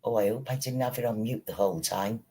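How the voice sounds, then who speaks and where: A man hosts a casual livestream with a husky, slightly rough voice. He swears freely and tells stories with animated energy, talking straight to his viewers. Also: lowish voice, quick pace. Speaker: streamer host.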